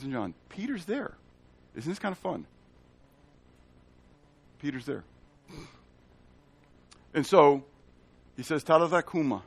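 A man giving an animated Bible teaching, asking the listeners questions and acting out the lines of the people in the story. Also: mid-range voice.

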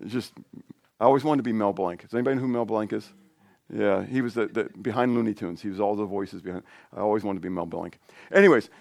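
A man delivers an informal, rambling sermon in a conversational way, full of asides and restarts. When he gets excited he turns lively and his pitch rises. There is no room sound.

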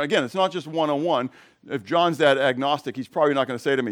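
Conversational male pastor preaching. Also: fast talker. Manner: conversational preaching that swings between loud emphasis and quiet, low asides; asks the congregation direct questions. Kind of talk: expository sermon.

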